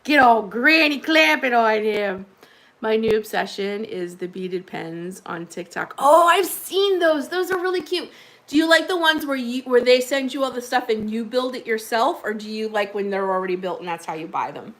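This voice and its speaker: A woman's voice: a little high, fairly even intonation, moderate pace, fairly bright tone. A woman hosting a casual livestream, chatting with viewers in a rambling way and laughing often. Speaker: livestream host.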